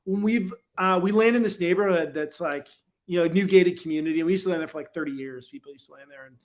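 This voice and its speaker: A man's voice: sits high, quick pace. A man guesting on a podcast, telling casual, rambling stories full of "like" and "you know, right?". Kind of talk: casual storytelling. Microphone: podcast microphone.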